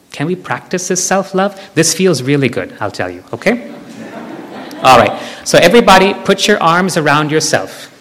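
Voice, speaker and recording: A man giving a devotional talk to an audience, animated, leading them in group chants. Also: fairly high pitch. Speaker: spiritual speaker. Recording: hall with long reverb.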